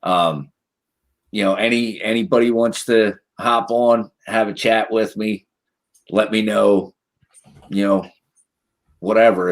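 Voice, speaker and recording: A man co-hosting a casual online chat, talking loosely and offhandedly with lots of fillers. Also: lowish voice. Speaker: YouTuber co-host.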